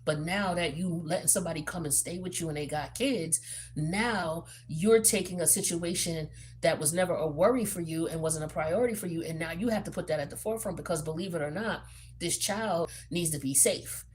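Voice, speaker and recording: A woman with a fairly low voice gives a casual tarot reading in a blunt, profane, streetwise way. She talks like she's chatting with a friend, full of fillers and asides. A faint hiss sits under her voice. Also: a little fast, darkish tone. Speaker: tarot reader.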